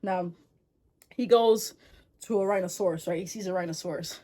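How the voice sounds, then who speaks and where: A woman's voice: fairly low pitch, normal speed, dark tone. Slangy young woman retelling folktales. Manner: slangy, rambling, wry asides with lots of "like". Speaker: storyteller. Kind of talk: casual comedic folktale retelling.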